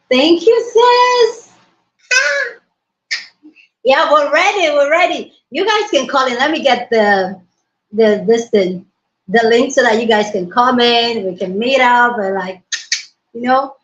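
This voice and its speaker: A woman hosting a casual livestream from her mobile phone, hyper, excitable and loud as she greets her viewers. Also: on the high side, unhurried. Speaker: livestream host. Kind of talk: casual live-stream chat. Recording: roomy, dull lo-fi phone audio.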